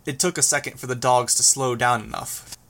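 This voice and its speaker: A man reading a first-person action novel as an audiobook, with a steady, even delivery. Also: mid-range voice, a little fast. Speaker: audiobook narrator.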